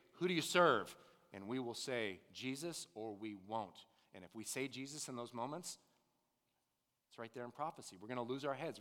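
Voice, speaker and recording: A man in his thirties preaching a sermon, dropping to a hush and then building to loud, emphatic declarations. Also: medium pitch. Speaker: pastor. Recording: long reverb of a large hall.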